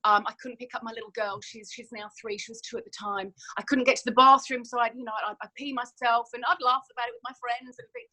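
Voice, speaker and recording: A woman in her thirties speaks as a podcast guest, telling her story in an earnest, emphatic way. Her voice sits fairly high and sounds bright and forceful. She often stumbles and repeats words as she talks. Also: fairly even intonation, fast, hardly any pauses, poor audio. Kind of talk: emotional personal story in a podcast interview.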